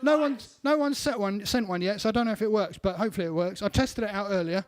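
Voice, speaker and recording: A man's voice: high-pitched, fast talker, crowd noise. A man, a band member, casually explaining things to viewers on a live stream.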